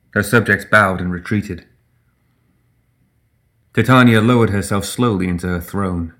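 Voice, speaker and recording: A man narrating a fantasy audiobook in a steady, measured way. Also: fairly low pitch.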